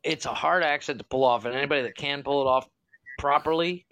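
A man's voice: fairly high pitch, quick pace, a bit bright, dry recording. Laughing man on a dry mic. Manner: laughs a lot, crude jokes. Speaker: podcast co-host. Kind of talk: casual comedy chat.

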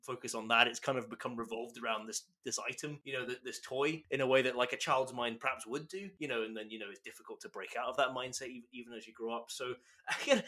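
A man's voice: medium pitch, fairly bright tone. Man, podcast co-host, thoughtful and rambling, full of fillers. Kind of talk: casual film discussion.

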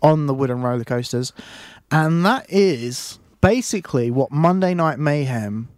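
A man's voice: a little high, lively intonation, unhurried, a little mellow, no echo, clean studio sound. A man presenting a radio show, chatting casually and teasing his co-host. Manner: teasing, jokey banter. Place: radio studio.

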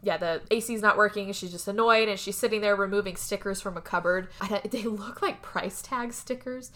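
A woman co-hosting a podcast, retelling a movie's plot in a rambling, casual way, full of fillers and quick laughs. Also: medium pitch, fairly bright tone. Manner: rambling, filler-heavy storytelling with frequent laughs. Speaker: podcast co-host recapping a movie. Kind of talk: casual chat.

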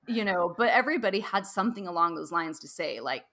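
A woman's voice: on the low side, brisk, hardly any pauses, fairly bright tone, slight background noise. A woman host chatting in a casual podcast conversation, telling a personal story with frequent laughs and fillers. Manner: chatty, laughs often, many "like"s.

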